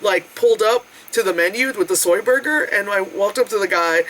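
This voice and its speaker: A vlogger telling a casual, animated food story, acting out quotes with big pitch jumps, laughing and swearing often. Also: a little fast, slight background noise, poor audio. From United States.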